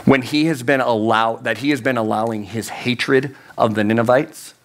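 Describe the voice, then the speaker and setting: A man's voice: mid-range voice, steady tone, normal speed. A man preaching a sermon as a youth pastor, emphatic and repeating key phrases, his voice climbing on the points he stresses.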